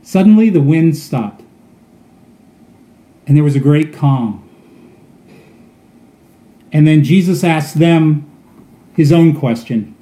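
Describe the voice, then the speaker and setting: Guy giving a sermon, highish soft warm voice, kinda storytelling, echoey hall sound. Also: lively intonation, takes it slowly, long pauses. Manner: storytelling, earnest, with frequent repeated words. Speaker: pastor. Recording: echoey room.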